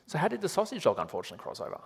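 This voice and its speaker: A man's voice: a little high, wildly swooping pitch, gravelly, husky. An Australian man doing a live medium show in a theatre, rambling and joking at himself between readings. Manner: rambling, self-mocking, quick asides. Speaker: psychic medium on stage. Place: large theatre hall. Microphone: handheld microphone. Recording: hall reverb.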